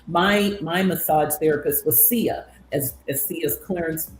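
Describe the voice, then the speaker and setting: A woman, a guest in an interview, answering hesitantly with many pauses and restarts. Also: deep voice. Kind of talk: casual conversation. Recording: echoey room, faint noise.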